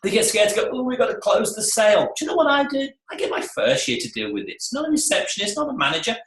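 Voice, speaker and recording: Animated man coaching a room. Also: high voice, racing. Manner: animated, acts out client and staff voices. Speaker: salon coach. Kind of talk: lively seminar teaching. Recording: echoey room.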